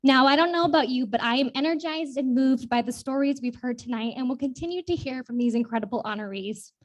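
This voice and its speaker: A woman's voice: high voice, fast talker. Slightly breathless woman giving sponsor remarks. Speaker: sponsor executive.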